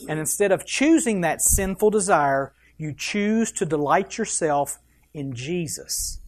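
A man preaching a sermon as a pastor, speaking straight to the congregation with questions and strong emphasis. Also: a little high. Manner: emphatic preaching with wide swings in loudness and pace; addresses the congregation directly with questions.

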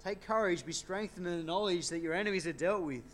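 A man's voice: sits high, fast talker. A man preaching an expository sermon in an earnest way, often asking rhetorical tag questions.

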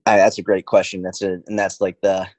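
A man's voice: sits low, monotone, brisk, darkish tone, dry recording, dull audio. A man who works as a fitness coach, talking on a podcast in a blunt, profane way and firing off rhetorical questions. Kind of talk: podcast conversation.

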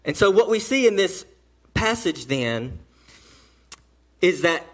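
A pastor preaching a sermon in church, emphatic and swinging between hushed and loud phrases, often restarting a line as he builds his point. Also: high voice, big pitch swings, slow.

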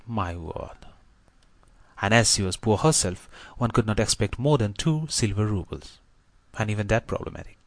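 Audiobook: male reader as a chatty, confiding country doctor, middle-aged, lowish voice, dry recording. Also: no echo. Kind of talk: audiobook reading.

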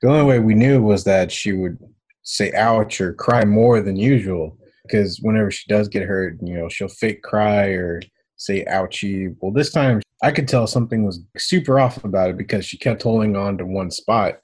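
A young man, a father, telling stories in a relaxed way with lots of fillers during an interview. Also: lowish voice, moderate pace, husky. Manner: relaxed, filler-heavy storytelling. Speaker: parent of an autistic child. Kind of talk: interview conversation.

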